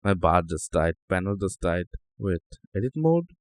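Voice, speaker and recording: A man's voice: low voice, sing-song, normal speed. A man hosting a tech channel, talking casually over a screen recording, joking and reacting aloud to what he sees.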